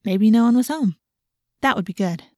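A woman reading a first-person adventure story aloud in a lively, expressive storytelling voice. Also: on the high side, normal speed, no room sound, studio quality. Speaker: audiobook narrator. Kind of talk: first-person audiobook narration.

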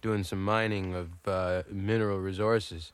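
An actor playing a dim, easily flustered Canadian hoser on a comedy album, rambling and bickering with lots of fillers in a Canadian accent. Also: male voice, sits low, level tone, a little slow, clear, resonant tone, no room sound. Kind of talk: improvised comedy album sketch.

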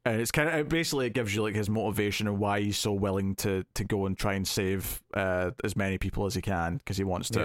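A podcast co-host reviews a film, chatting casually but hesitantly, rambling and restarting often. His voice is lowish, and he talks fast with few pauses. The recording is studio quality with no echo.

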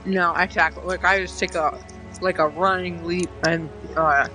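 A man's voice: sits high, steady tone, normal speed, bright, forceful tone. A man playing a tabletop game who talks in a brash, profane way, with faint music behind. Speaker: player. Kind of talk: casual game banter.

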